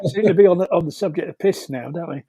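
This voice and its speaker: A man's voice: fairly high pitch, fast talker, warm tone, no room sound. A man telling rambling anecdotes over a video call, laughing often, with many fillers and restarts. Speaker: storyteller guest.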